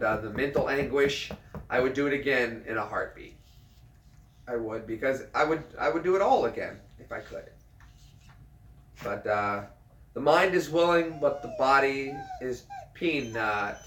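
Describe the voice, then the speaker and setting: A man in his thirties, a military veteran, chatting casually on a livestream, earnest and halting, often repeating himself as he restarts a thought. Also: medium pitch, a bit bright, slight background noise. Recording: roomy sound, mic at a distance.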